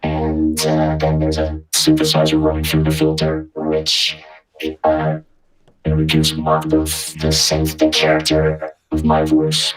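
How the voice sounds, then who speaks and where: A man's voice: rumbling low, takes it slowly, gravelly. A man on a video call speaking through a vocoder, his voice turned into a robotic synthesizer sound. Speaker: guest producer. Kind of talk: casual chat. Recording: vocoder synth music loud behind the voice.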